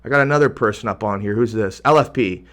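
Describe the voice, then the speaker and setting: A man's voice: on the low side, fast, a bit bright. Angry young man ranting on a livestream. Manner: heated, rambling with restarts. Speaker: YouTuber reading chat.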